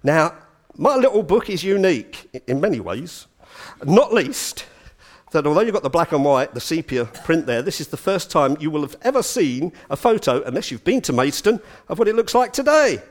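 A man giving a storytelling lecture, animated and full of chatty asides. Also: on the high side, normal speed. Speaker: speaker giving a talk.

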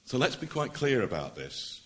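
A middle-aged man, a barrister, addressing a public meeting in an earnest, emphatic way that builds to forceful points. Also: medium pitch, sing-song, normal speed. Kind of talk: public speech.

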